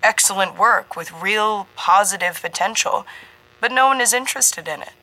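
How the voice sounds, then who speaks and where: A woman voicing a genial, oily middle-aged man who booms and leans on every word, in an audiobook reading. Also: moderate pace, bright, forceful tone, poor audio. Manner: booming, oozing, emphasizes every word.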